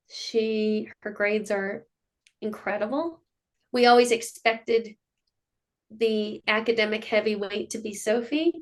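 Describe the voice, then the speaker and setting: A middle-aged woman, a mother of child performers, telling stories in a casual interview and acting out what people said. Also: medium pitch. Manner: animated storyteller who acts out quotes.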